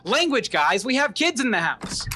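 A man's voice: extremely high pitch, very animated, normal speed, pushed and bright, breathy edge, heavily acted. A man playing a fussy, defensive writer in a comedic audio play. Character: fussy nerdy male writer.

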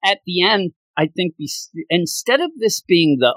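A man co-hosting a casual chat about a manga, animated and acting out characters' lines. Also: high voice, moderate pace, dry recording, poor audio. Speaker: podcast co-host.

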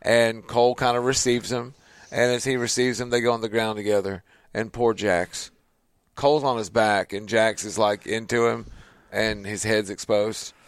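A man's voice: on the low side, level tone, normal speed, clean tone, no echo. A man, hosting a show and telling a family story casually, acting out the voices in his quotes. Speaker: podcast host.

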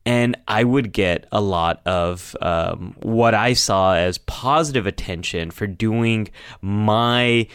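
Male podcast host, low smooth voice, dry close sound; candid, self-deprecating storyteller. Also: takes it slowly, fairly bright tone, no echo. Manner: candid and reflective, laughing wryly at himself. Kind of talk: casual podcast discussion.

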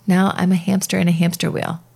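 A woman's voice: on the low side, level tone, brisk, creaky, a little mellow. A woman in her thirties co-hosting a parenting podcast, chatting casually and reading book passages aloud with playful emphasis. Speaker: podcast co-host.

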